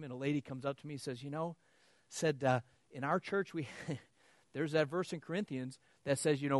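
On the high side and captured in a dry recording, this man's voice carries a sermon full of lively stories. He laughs as he goes and plays both parts of each conversation.

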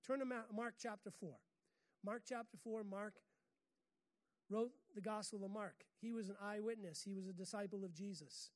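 A woman's voice: medium pitch, normal speed, darkish tone. An American woman preaching a sermon in a chatty, humorous way, often laughing at her own stories. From United States.

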